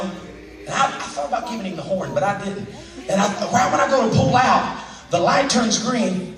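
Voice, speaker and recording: High-voiced shouting preacher in an echoey church. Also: male voice. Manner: folksy, self-deprecating storytelling, shouting exhortations. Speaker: pastor. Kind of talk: sermon. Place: church sanctuary. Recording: echoey sanctuary, voice from a distance, music behind.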